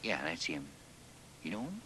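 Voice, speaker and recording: A rough, folksy gold-rush prospector in a filmed drama. His voice sits low with a bright, forward edge, and his colloquial talk comes out eager and chummy. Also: wildly swooping pitch, moderate pace, a little hiss or hum, heavily acted. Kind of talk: film drama acting.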